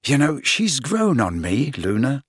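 A man's voice: mid-range voice, wildly swooping pitch, measured pace, slightly rough, no room sound, studio quality, heavily acted. A man voicing an easygoing teenage boy who talks casually.

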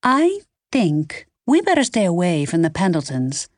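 A woman's voice: on the low side, huge pitch swings, measured pace, dry recording, studio quality, exaggerated voice. A woman voicing an earnest, modest young woman caterer.

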